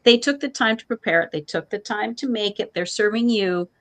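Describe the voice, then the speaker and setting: A middle-aged woman co-hosting a morning show, telling family food stories in a casual chat and acting out relatives in higher voices, laughing often. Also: fairly quick, fairly bright tone.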